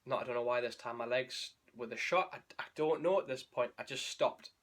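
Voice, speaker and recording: A man's voice: mid-range voice, a little fast, a bit bright. A young man, a running vlogger telling his race story in a candid, emotional, rambling way with restarts. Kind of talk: candid spoken race recap.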